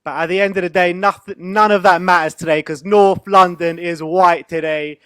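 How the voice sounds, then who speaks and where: Male host, upbeat, high voice, dry close sound. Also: steady tone, moderate pace, a bit bright, clear, resonant tone, no room sound. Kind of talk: fan phone-in hosting.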